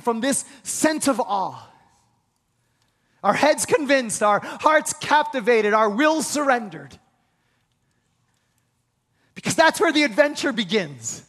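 Man, pastor, sermon, high voice, emphatic, call-and-response. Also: long reverb tail. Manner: emphatic preaching, swings between hushed and shouted lines; leads the congregation in call-and-response.

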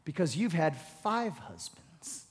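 A male preacher voicing Jesus, speaking slowly, softly and with quiet authority. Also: fairly high pitch, very animated, breathy edge, long reverb tail, full character voice. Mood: measured. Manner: slow, measured, soft.

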